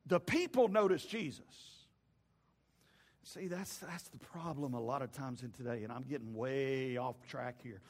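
A man's voice: medium pitch, steady tone, moderate pace, few pauses, big-room sound. A man preaching a sermon, dramatically retelling a story and acting out the people in it. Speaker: pastor.

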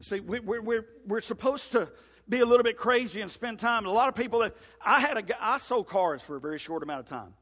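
Folksy preacher, high and echoing. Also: male voice, quick pace. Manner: folksy, animated, acts out scenes in comic voices. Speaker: pastor. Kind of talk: sermon. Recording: hall reverb.

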